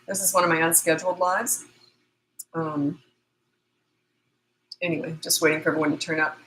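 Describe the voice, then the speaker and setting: Bright-voiced blunt Canadian woman coach. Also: sits low, steady tone, moderate pace, low-quality recording. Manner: chatty, blunt, matter-of-fact. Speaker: parenting coach. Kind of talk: casual livestream Q&A.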